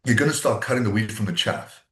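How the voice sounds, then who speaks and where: A man's voice: fairly low pitch, fast. A man from South Africa chatting casually as a podcast co-host, blunt and swearing freely as he acts out what his friends said. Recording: echoey room.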